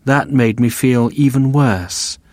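A man slowly reading a simplified classic novel aloud for learners, including the page numbers, in an even, deliberate voice. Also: mid-range voice, no echo. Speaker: audiobook narrator. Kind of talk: reading a graded reader aloud.

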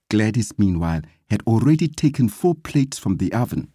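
A narrator reading a story aloud with lively, dramatic delivery. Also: mid-range voice, normal speed, hardly any pauses, breathy edge, no room sound, studio quality.

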